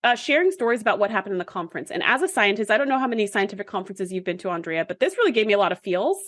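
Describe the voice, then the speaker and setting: A woman's voice: mid-range voice, very animated, rapid-fire, fairly bright tone, no echo. A woman co-hosting a podcast in an eager, gushing, chatty way. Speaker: podcast co-host. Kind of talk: casual chat.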